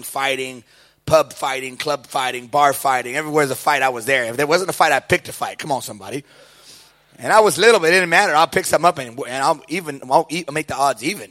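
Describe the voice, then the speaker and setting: A middle-aged man, preaching a sermon and telling his life story with lively, acted-out quotes. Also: mid-range voice, quick pace. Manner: animated storytelling, acting out quoted voices. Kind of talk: sermon testimony.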